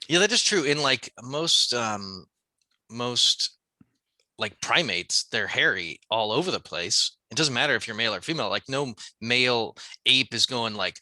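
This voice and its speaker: A man co-hosting a podcast, chatting loosely and rambling with frequent laughs. His voice is very bright and forward, recorded dry and close with no room sound. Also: mid-range voice, expressive, normal speed, no echo. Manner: rambling, laughing, jokey put-on accents. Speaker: podcast co-host. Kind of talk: casual comedic chat.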